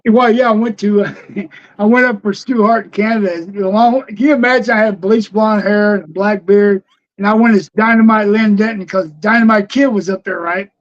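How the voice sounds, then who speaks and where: A man's voice: sits high, steady tone, brisk, muffled recording. An older man, a former wrestler telling road stories on a podcast, laughing often and acting out the people he quotes. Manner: laughing raconteur, acts out quotes. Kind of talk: casual storytelling.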